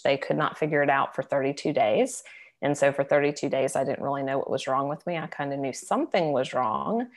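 A middle-aged woman from Virginia, a health coach, telling her story as an interview guest in a reflective, conversational way. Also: sits low. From Virginia, United States.

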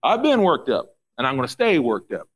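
A middle-aged pastor preaching a fervent sermon, repeating phrases and breaking into quick asides. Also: male voice, medium pitch, wildly swooping pitch, breathy edge. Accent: Midwestern US.

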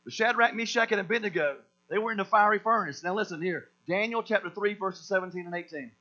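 A high-pitched man with a bright, forceful voice preaches with energy, slipping into slang and acting out scripture scenes. The sound is dull and lo-fi, with a steady mains hum underneath. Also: fast. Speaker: pastor. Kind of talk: sermon.

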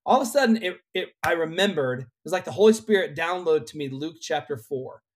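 A young adult man, a worship leader, telling an earnest, animated personal story in a relaxed conversation. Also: fairly high pitch, fairly quick.

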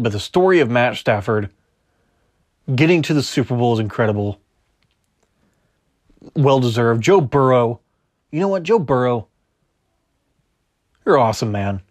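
Guy ranting on his sports podcast, regular pitch, argues with himself a lot. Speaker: podcast host. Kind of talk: casual sports podcast talk.

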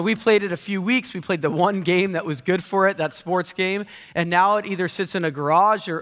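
A man's voice: high-pitched, a bit bright. A man in his thirties, a pastor giving a sermon with playful, self-mocking storytelling. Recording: long hall reverb.

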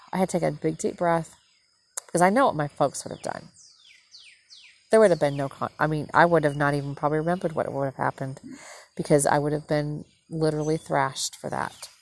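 A woman's voice: low-pitched, moderate pace, long pauses. A woman from the northern United States hosting a podcast, rambling through a casual story and correcting herself as she goes. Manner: rambling, self-correcting, animated retelling. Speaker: podcast host and mother.

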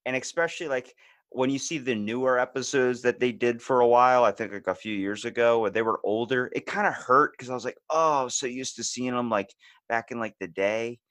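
A man hosting a podcast in casual chat, animated and acting out the voices of people he quotes. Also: mid-range voice, brisk, no room sound. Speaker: podcast host.

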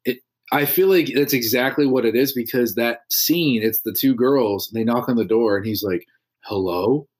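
A man chatting as a podcast guest, relaxed, with fillers and easy laughter. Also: mid-range voice, normal speed. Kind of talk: casual chat.

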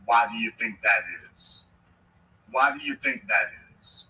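A man's voice: fairly low pitch, wildly swooping pitch, unhurried, creaky, bright, forceful tone, recorded from a distance, low-quality recording. A man hosting a podcast, giving a political commentary monologue emphatically and repeating his points for effect. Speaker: podcast host.

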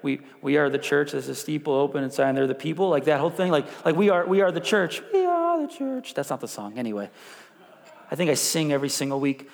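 A man preaching a sermon as pastor, animated, with call-and-response prompts to the congregation. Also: fairly high pitch, fast talker, gravelly, in a large hall. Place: church sanctuary.

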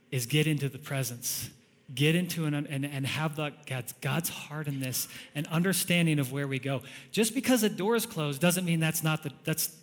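A man's voice: on the high side, a bit bright. Man preaching in a reverberant hall. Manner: conversational, storytelling with frequent chuckles. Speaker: pastor. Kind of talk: sermon.

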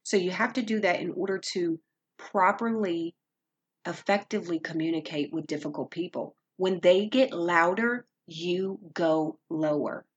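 A woman speaks with earnest calm, giving faith-based advice in a measured, teaching way. Her delivery is unhurried and deliberate. Her voice carries a soft, breathy edge. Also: on the low side, highs cut off. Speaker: Christian speaker.

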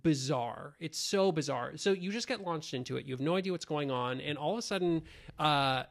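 A man co-hosting a podcast in a casual chat about an old show. He fires off animated, quick questions. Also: fairly high pitch, creaky. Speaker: podcast co-host.

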